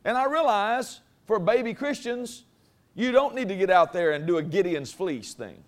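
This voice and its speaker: High-voiced folksy man preaching. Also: normal speed. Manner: folksy, conversational preaching that builds in force. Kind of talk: sermon. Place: church before a congregation.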